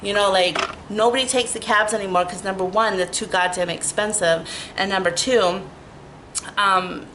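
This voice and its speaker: Brief: woman, storytime vlogger, animated and profane, filler-heavy. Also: mid-range voice, normal speed, a little hiss or hum, poor audio. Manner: animated, heavy 'like' fillers, swears freely. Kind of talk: casual storytime rant.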